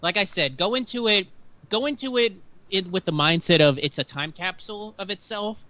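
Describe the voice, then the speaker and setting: A man co-hosting a casual movie talk show, explaining points in a measured way. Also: sits high, bright, forceful tone, no room sound. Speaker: podcast co-host.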